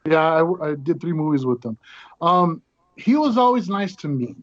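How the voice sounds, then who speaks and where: A man being interviewed as a guest actor, telling stories in a casual, animated way and acting out the other people in them. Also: fairly high pitch, moderate pace, no room sound. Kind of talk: casual storytelling. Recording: dull lo-fi audio.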